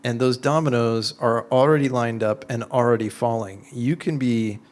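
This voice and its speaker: A man speaking to an audience in a relaxed question-and-answer session. He explains ideas through lively everyday examples and keeps his delivery conversational, filling it with frequent "like"s. His voice sits at an ordinary middle pitch. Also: normal speed. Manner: conversational, animated storytelling with many "like"s. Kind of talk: informal talk and Q&A.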